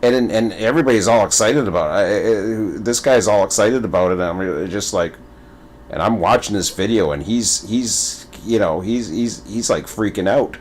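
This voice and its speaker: A man's voice: on the low side, moderate pace, slight background noise. A man giving casual gaming commentary who rambles, repeats words and stumbles through his thoughts. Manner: animated, playful storytelling. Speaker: gaming video creator.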